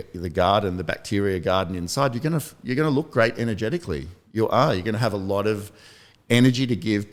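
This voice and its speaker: A man, hosting a casual motivational podcast and telling rambling, self-deprecating stories. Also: on the low side. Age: 50s. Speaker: podcast host.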